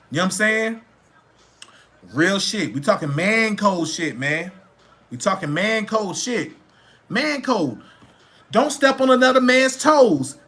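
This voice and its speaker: Speaking in a sharp tone that sits high, a man hosting a livestream delivers a casual rant. He scolds viewers bluntly, swears freely, and repeats himself to stress his points.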